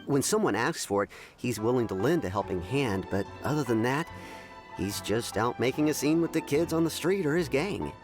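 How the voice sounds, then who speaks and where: A man voicing a calm, reserved townsman in a video game, speaking in a quiet, measured way. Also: medium pitch, lightly acted. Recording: game dialogue over music.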